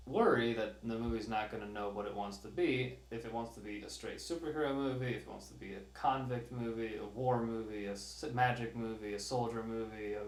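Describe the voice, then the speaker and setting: A man's voice: lowish voice, brisk, hardly any pauses, roomy sound. Swearing, ranting male podcast co-host. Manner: animated, swears a lot, ranting. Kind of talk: casual chat.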